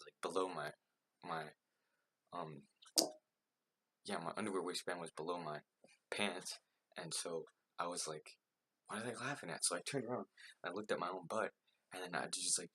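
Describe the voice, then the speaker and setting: Low, bright, husky young man rambling. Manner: rambling, filler-heavy, self-mocking. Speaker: vlogger. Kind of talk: casual storytelling.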